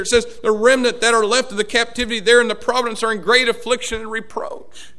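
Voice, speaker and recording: This male preacher speaks in a distinctly high voice, shifting from hushed, low moments to ardent shouted pleas directed at the congregation. He talks quickly with a level tone and hardly pauses.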